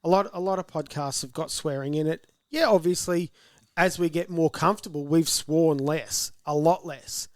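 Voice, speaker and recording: A man's voice: on the high side, moderate pace, no room sound, studio quality. An Australian man co-hosting a podcast, talking in an easygoing, reflective way. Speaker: podcast co-host. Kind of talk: casual chat.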